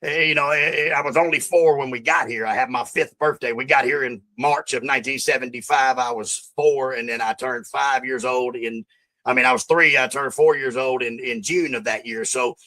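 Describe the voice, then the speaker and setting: A man's voice: mid-range voice, steady tone, moderate pace, pushed and bright, rough recording. A man in his fifties, born in Australia and raised in the American South, talking casually as an interview guest and rambling with lots of repeats. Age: 50s. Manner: rambling, repeats himself, says bro and man.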